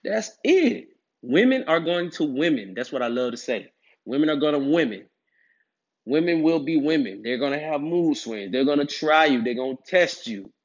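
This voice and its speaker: A man's voice: on the high side, lively intonation, normal speed. A man giving dating advice to other men in a casual monologue, emphatic and preachy, with streetwise slang. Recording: dull lo-fi recording.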